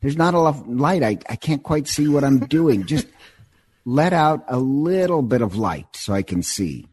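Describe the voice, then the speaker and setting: A man's voice: mid-range voice, animated, a little slow, a little mellow, breathy edge, pitched above the performer's own voice. A man voicing a sly, scheming male raven trickster who fakes concern in a wheedling tone.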